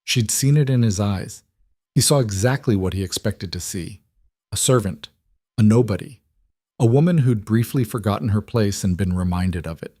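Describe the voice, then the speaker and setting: A man giving steady, measured scripted narration of a story. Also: fairly low pitch, dry recording, clean studio sound.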